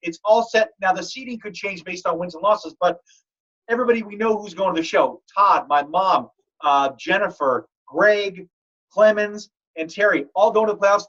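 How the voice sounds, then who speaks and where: A man hosting a fantasy football league podcast, telling stories in a joking, animated way. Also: high voice, moderate pace. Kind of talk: casual podcast chat. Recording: dull lo-fi audio.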